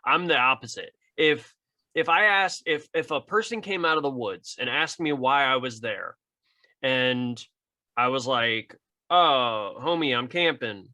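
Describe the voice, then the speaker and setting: Give me a man podcast co-host with a bright, sharp voice making dry jokes in casual chat. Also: medium pitch, measured pace. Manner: dry, joking, profane asides.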